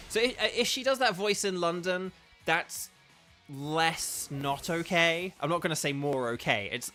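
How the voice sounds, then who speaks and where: A man's voice: fairly high pitch, sharp tone. A man streaming a video game, chatting casually and drifting between the game and his viewers' comments. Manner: chatty, digressive, reads chat aloud. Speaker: gaming streamer and voice actor.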